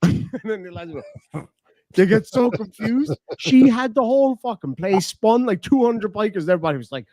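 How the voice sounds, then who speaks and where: A man's voice: on the high side, expressive, brisk, a little mellow, dry recording, clean studio sound. Profane, laughing man streamer. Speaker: streamer host. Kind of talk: casual late-night stream chat.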